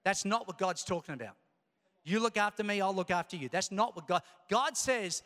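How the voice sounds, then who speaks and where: A pastor preaching an energetic sermon, calling out to his congregation as he goes. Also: high voice, brisk. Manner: animated, calls out to the congregation. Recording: long reverb of a large hall.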